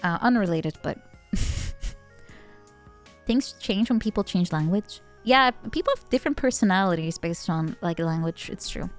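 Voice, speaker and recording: A woman's voice: fairly low pitch, expressive, normal speed. A young woman with a Dutch accent, a native Dutch speaker, streaming and chatting casually with viewers, giggly and playful. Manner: giggly, playful, chatty, reading chat aloud. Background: faint background music.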